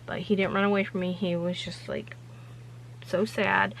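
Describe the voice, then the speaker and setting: A woman's voice: medium pitch, level tone, moderate pace, creaky, slight background noise, poor audio. A woman hosting her own vlog, telling a story in a rambling, chatty way with lots of loose fillers. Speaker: vlog host.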